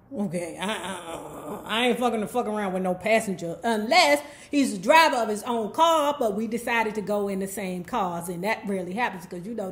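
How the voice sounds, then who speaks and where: A woman casually retelling a novel's plot as a book club host, chatty and profane, with personal asides to the listener. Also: medium pitch. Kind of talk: casual book recap storytelling.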